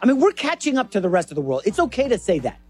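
A co-host on a sports talk show, chatty and animated, setting up topics. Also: medium pitch, husky, soft background music. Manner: chatty, animated, quick asides.

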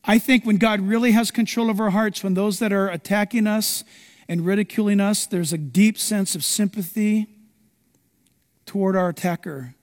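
A male pastor with a high-sitting voice preaches a sermon at normal speed, telling stories in an animated, dramatic way and acting out the quotes. A long reverb tail follows his words.

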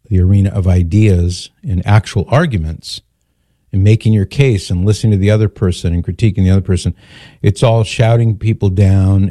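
This grandfatherly older man runs a call-in radio program, lecturing hard on the topic and mimicking other people's words in mocking voices. The recording is dry and studio quality, carrying his deep, warm voice.

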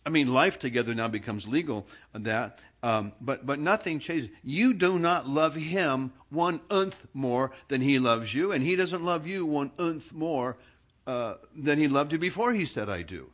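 A middle-aged male pastor from Southern California, preaching a sermon in an animated storytelling manner, laughing as he tells it. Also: on the high side, unhurried. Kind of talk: sermon with personal anecdote.

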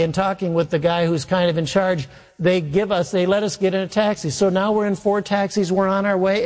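Pastor, male, fairly high voice, lively storytelling sermon, long hall reverb. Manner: humorous, animated anecdote with acted-out dialogue.

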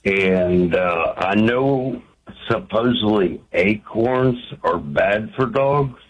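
Slow husky male caller on the phone. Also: on the low side, expressive. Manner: slow, plainspoken storyteller. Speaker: radio caller. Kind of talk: phone call to a radio show. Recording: dull lo-fi phone line.

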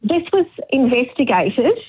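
A woman's voice: high voice, sing-song, measured pace, breathy edge. A woman calling in to talkback radio, earnest and a little hesitant. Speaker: caller. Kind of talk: talkback call. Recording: tinny phone line.

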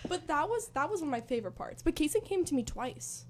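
High-voiced young woman, excited chatter. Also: fast, very noisy. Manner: excited, chatty, addresses viewers as guys. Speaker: travel vlogger. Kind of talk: casual chat.

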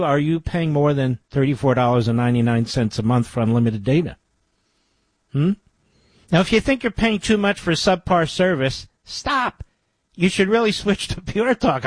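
A man's voice: fairly high pitch, sing-song, normal speed, no room sound. A man hosting a talk radio show, chatting with a caller and reading an ad in an emphatic, salesy way with mumbled asides. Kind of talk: talk radio chat and live-read ad. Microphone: studio microphone.

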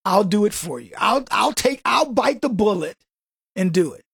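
A man's voice: sits high, lively intonation, moderate pace, creaky, fairly bright tone, slightly rough, no room sound, studio quality. A man hosting a radio show, delivering a combative political monologue full of rhetorical questions.

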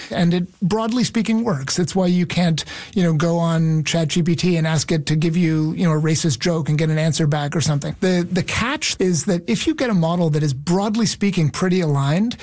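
A man's voice: a little high, normal speed, few pauses, darkish tone. A man speaking as an expert guest on a panel, explaining fluently with frequent fillers.

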